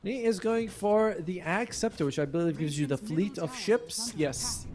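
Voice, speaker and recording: A man's voice: high voice, moderate pace. A man giving chatty, playful color commentary on a live esports match.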